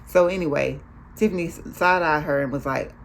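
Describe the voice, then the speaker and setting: A woman's voice: low voice, a little fast, a little hiss or hum. A woman hosting a casual recap of a TV show, chatty, acting out the characters' lines as she goes.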